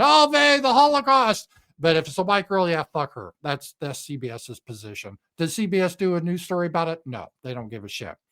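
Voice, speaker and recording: A man's voice: medium pitch, fairly bright tone. Blunt, sarcastic man talking politics. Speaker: political commentator. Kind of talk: casual political commentary monologue.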